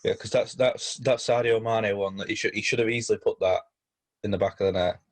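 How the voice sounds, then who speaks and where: A man co-hosting a casual football podcast, talking in halting bursts with many restarts. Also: fairly low pitch, steady tone. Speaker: podcast co-host.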